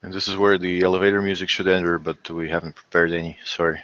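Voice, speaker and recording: A man's voice: low-pitched, level tone, quick pace, fairly bright tone, no room sound, highs cut off. A man chatting playfully as a developer panelist in a casual live Q&A. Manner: jokey, playful.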